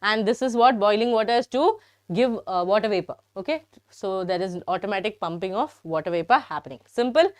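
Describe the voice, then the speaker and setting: A woman's voice: medium pitch, lively intonation, fairly quick, no room sound, clean studio sound. A young woman with an Indian English accent teaching a live biology class, chatty and teasing, often turning to her students. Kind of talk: live online biology lesson.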